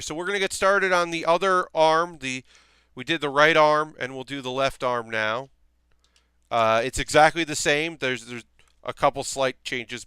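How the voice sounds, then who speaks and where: A man's voice: fairly high pitch, sharp tone, smooth, dry recording. A young man from South Carolina chatting casually on a live stream while building a model kit, thinking aloud and reassuring his viewers.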